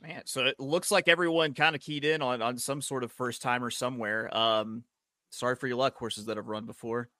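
A man hosting a racing podcast in an easygoing, rambling way, his voice bright and forward. He is recorded on a close, dry mic with no room sound. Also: medium pitch, steady tone, a little fast, no echo. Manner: easygoing, many fillers and restarts. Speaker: host. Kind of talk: casual handicapping podcast chat.

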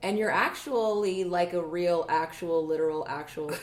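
A woman's voice: lowish voice, moderate pace. Woman co-host, gushing, playful over-the-top praise, echoey room. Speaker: podcast co-host. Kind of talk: casual podcast chat.

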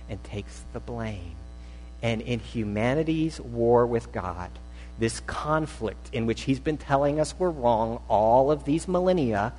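A male pastor preaching a sermon, swinging from loud urgent peaks to quiet, low asides. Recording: long reverb of a large hall.

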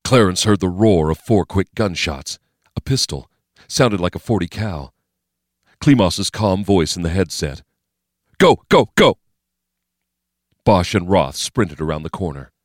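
A man with a very deep, low voice reads a thriller as an audiobook narrator. His delivery is steady, measured and dramatic. The close mic gives a dry, intimate sound with no room. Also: no echo.

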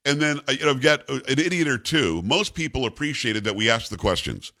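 A man's voice: medium pitch, expressive, brisk, sharp tone. A man hosting a talk radio show, rambling and jokey, chatting casually with his co-host. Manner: rambling, jokey, self-congratulating.

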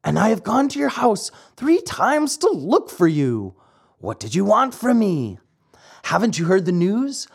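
A storybook narrator voicing an eager, dreamy wooden marionette boy whose talk keeps rising into excited high cries. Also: measured pace, gravelly, husky, heavily acted.

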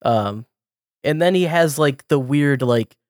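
A man's voice: on the high side, slow pace, dry recording, studio quality. A man co-hosting a podcast, chatting casually with many restarts and frequent laughter. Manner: rambling, many fillers and restarts, laughs often. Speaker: podcast co-host. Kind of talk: casual chat.

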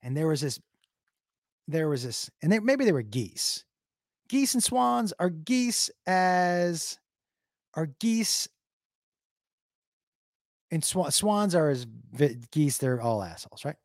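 Animated, profane man telling stories. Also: fairly high pitch, a little slow, long pauses, no room sound, studio quality. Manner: profane, animated, does silly noises. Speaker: comedian streamer reading chat. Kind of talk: casual storytelling to a live chat.

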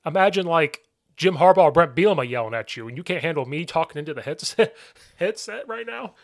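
Football coach guy telling stories, acts out the yelling, pretty dry mic sound. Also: fairly high pitch, fast, no room sound. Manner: animated storyteller, acts out shouted quotes. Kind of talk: casual podcast chat.

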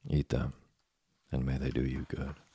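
A man voicing a patient, kind old woodcarver father in a storybook reading, gentle, calm and moralizing. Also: very deep voice, moderate pace, heavily acted. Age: older. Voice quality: gravelly, husky.

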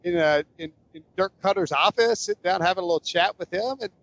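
A man with a notably high voice chatting loosely on a sports podcast. He rambles, jokes and restarts his sentences often. The sound is dry and a little muffled. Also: quick pace, fairly bright tone, no echo. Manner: rambling, self-correcting, jokey. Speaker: podcast host. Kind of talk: casual sports podcast chat.

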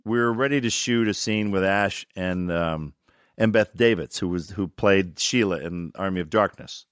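A man's voice: low-pitched, moderate pace, clear, resonant tone, dry recording, clean studio sound. An older man telling stories in casual conversation, swearing freely and acting out other people's lines. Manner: animated, acts out other people's lines in shouts and mimicry. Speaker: podcast guest, actor. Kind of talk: casual storytelling.

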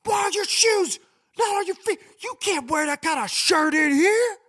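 Man putting on a bossy airport screener, shrill and shouting, squeaky high voice, harsh sharp edge. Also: lively intonation, moderate pace, exaggerated voice. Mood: barking. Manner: barking orders, shouting.

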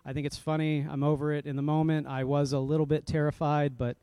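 A pastor tells a story in a sermon, self-deprecating and animated, laughing at himself along the way. His voice sits a little high for a man. The sound is dry and close, with no room around it. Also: fast, smooth, no echo.

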